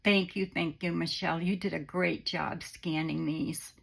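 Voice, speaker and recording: Slow, gravelly-voiced woman vlogger, unwell. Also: on the low side, steady tone. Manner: gentle, sentimental, unhurried. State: unwell, on antibiotics. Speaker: crafting channel host. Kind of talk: casual vlog chat to viewers.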